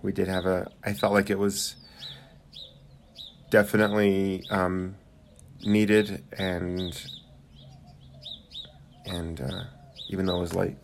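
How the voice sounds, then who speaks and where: A young man talks in a deep, low register, rambling through a casual chat at home. He hesitates often with fillers, and a faint hiss sits under the voice. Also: flat delivery, takes it slowly, vocal fry, long pauses. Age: young adult. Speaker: podcast co-host. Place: home room with squeaky chairs.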